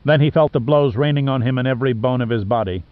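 A man's voice: mid-range voice, fast, no echo, phone-quality sound. Man narrating an audiobook. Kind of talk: scripted narration.

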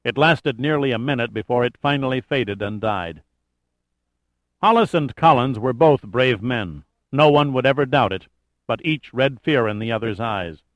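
A man reading a thriller audiobook in steady, measured narration. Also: mid-range voice, no room sound.

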